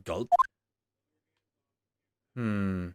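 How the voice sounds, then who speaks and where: A man casually reading a detective game's dialogue aloud in a wry, relaxed playthrough. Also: low voice, drawn-out words, clean tone. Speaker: game streamer reading all characters. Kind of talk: game playthrough voicing the text. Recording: voice over loud game music.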